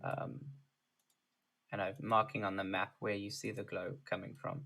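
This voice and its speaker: Halting man running a tabletop game. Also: fairly low pitch, level tone, creaky, bright, forceful tone. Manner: halting, filler-heavy narration. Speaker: dungeon master.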